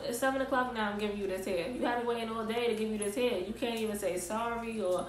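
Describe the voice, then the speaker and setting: A young woman in casual, slangy storytime vlog style, recounting events in an animated way. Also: fairly high pitch, fast, hardly any pauses, slight background noise. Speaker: vlogger. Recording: roomy echo, distant mic.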